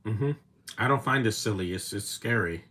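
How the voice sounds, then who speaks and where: A man's voice: fairly low pitch, normal speed, bright, forceful tone. A man in his thirties giving casual, opinionated live commentary while watching a movie, rambling with restarts and fillers.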